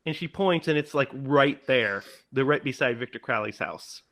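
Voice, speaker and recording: A man co-hosting a podcast, casually retelling a film's plot and animatedly acting out its lines. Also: mid-range voice. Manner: animated, acts out lines in quick put-on voices. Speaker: podcast co-host.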